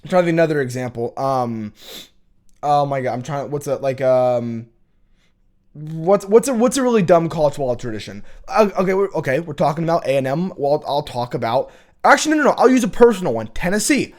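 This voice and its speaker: A man's voice: on the high side, big pitch swings, a little fast. A young man hosting a college football show, talking in a casual, opinionated, rambling rant with many restarts.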